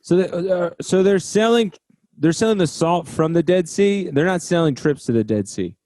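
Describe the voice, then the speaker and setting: High-voiced New podcast co-host. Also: male voice, expressive, moderate pace, dark tone, no room sound. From New Jersey. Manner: laughs often, sheepish asides. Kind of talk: casual chat.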